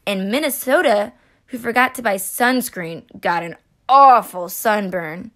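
A woman reading a children's picture book aloud in a gentle, expressive storytelling manner. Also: mid-range voice, measured pace.

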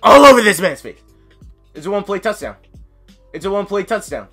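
A man giving excitable live gameplay commentary, yelling, chanting cheers and talking himself through nervous moments. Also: sits high, fairly quick, faint music behind. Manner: yells and chants, sings cheers, flustered self-talk. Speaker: gaming commentator.

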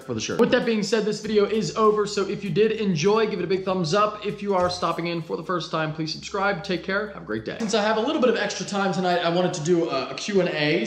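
A man's voice: sits high, echoey room. A man in his twenties, a car vlogger in casual vlog talk, loose and joking, who swears freely. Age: 20s.

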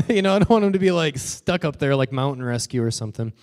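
Animated young man preaching a story. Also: medium pitch, fast talker, few pauses. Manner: animated storytelling with acted-out quotes. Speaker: pastor. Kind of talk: sermon.

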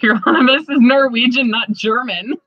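On a dull lo-fi podcast mic with no echo, a woman co-host with a fairly high, steady voice chats casually at a normal pace, swearing often and laughing easily.

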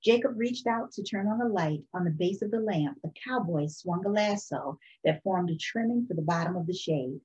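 A woman reading a children's picture book aloud for storytime in a calm, expressive way. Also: lowish voice, moderate pace, hardly any pauses, highs cut off. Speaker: storytime reader.

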